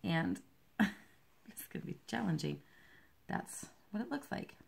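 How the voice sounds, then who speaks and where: A woman with a low, gravelly voice talks in a loose, rambling way about her cross-stitch work. She is self-deprecating and easily distracted by her pets, and her tone stays casual throughout. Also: big pitch swings, slow. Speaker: cross-stitch designer and vlogger. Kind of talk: casual chat while stitching.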